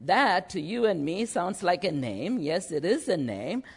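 A man preaching a sermon, slow and lively, often checking in with his listeners. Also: high-pitched, vocal fry, slightly rough. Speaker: pastor.

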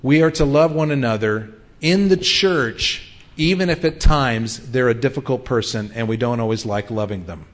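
A man's voice: medium pitch, normal speed. Earnest middle-aged male pastor preaching. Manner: earnest, conversational preaching with frequent ums. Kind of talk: sermon.

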